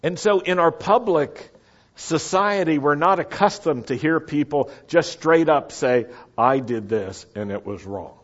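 Slow, deliberate male preacher. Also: fairly high pitch, lo-fi sound. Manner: slow, deliberate preaching with repeated call-and-response phrases. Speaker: pastor. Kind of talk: sermon.

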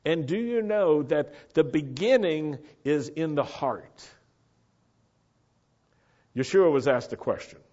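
An American man preaching a sermon, earnest and emphatic, slowing down to stress his key points. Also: fairly high pitch, lively intonation, warm tone, highs cut off.

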